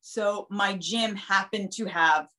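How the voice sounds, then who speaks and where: Animated woman telling stories. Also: medium pitch, slow pace. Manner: animated, acts out quoted voices in her stories. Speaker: guest, nurse and author. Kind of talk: casual storytelling interview.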